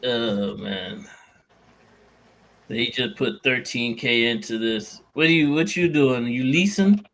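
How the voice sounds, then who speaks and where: A man's voice: mid-range voice, takes it slowly, fairly bright tone. A truck-driving man hosting a livestream, talking in a laid-back, slangy way. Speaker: streamer host, truck driver. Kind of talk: casual livestream talk.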